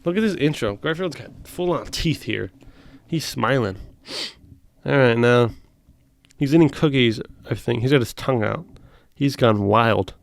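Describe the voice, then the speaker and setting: A man's voice: mid-range voice, lively intonation, measured pace, creaky, long pauses. A man hosting a comedy show, reading comic strips aloud and ranting at them in mock outrage. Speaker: host.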